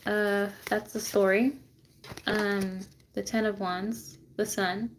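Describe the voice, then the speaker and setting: A woman giving a casual tarot reading to viewers, chatty and excitable, with lots of fillers and asides, recorded on a phone on a tripod. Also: mid-range voice, slow pace, slight background noise. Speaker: tarot reader.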